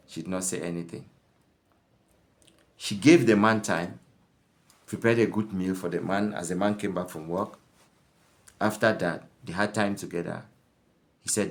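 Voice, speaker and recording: A man's voice: lowish voice, moderate pace, pauses often. A man giving a lesson as a marriage counselor, telling stories with repeated words and restarts. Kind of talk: lecture with acted scenarios.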